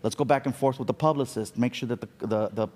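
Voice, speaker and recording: A man's voice: medium pitch, quick pace, big-room sound. A man guesting on a podcast, chatting casually and acting out quoted lines as he tells stories. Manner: animated storyteller who acts out quoted lines. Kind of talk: casual chat.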